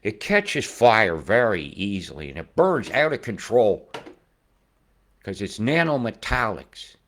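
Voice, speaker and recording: A man in his forties giving rambling weather commentary over maps, who swears freely and swings from mumbling asides to loud outbursts. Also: lowish voice, very animated, a little slow, slight background noise. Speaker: weather video host.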